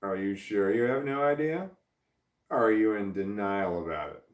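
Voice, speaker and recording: A man on a casual livestream, reading chat comments aloud and rambling through them with lots of halting restarts. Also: on the low side, recorded from a distance. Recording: roomy, off-mic sound.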